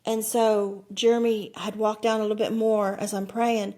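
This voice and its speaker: A woman's voice: mid-range voice, little pitch movement, normal speed, warm tone. A woman in her sixties, a guest telling a personal story in earnest, acting out the voices she quotes. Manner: earnest, acts out quoted voices, frequent "like" and "you know".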